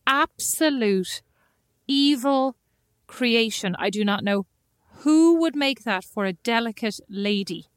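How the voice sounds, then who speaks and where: A woman co-hosting a podcast, telling a story in animated, chatty talk. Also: a little high, takes it slowly, no room sound. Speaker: podcast co-host. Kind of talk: casual chat.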